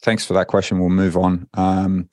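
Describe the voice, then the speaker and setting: A man's voice: sits low, monotone, moderate pace, darkish tone, dry recording. A man hosting a podcast, reading out listener questions and chatting casually with frequent hesitations. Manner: hesitant, many ums and restarts. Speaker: podcast host.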